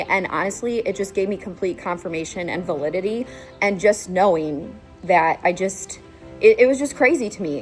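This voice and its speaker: Woman vlogger, casual and emphatic storyteller, middle pitch, faint music bed. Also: a little mellow. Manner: chatty, emphatic, lots of "like" and "okay?". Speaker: horse channel host.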